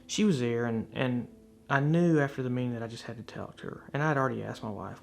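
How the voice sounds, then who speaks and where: A man's voice: medium pitch, fast, gravelly. A man earnestly and candidly telling a personal faith testimony, reflecting on what happened to him. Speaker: speaker sharing a faith testimony.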